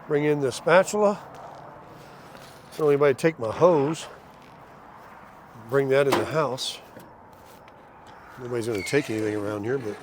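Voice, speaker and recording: An older man with a medium-pitched voice chats casually to the camera while cooking at his RV, sounding folksy, tired and a little short of breath. It's a laid-back vlog filmed in and around an RV park, with a noisy background.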